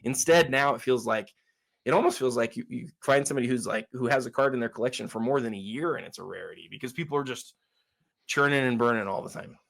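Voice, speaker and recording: Man, guest, gravelly voice, mid pitch, earnest, reflective. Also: fast, fairly bright tone. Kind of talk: casual conversation.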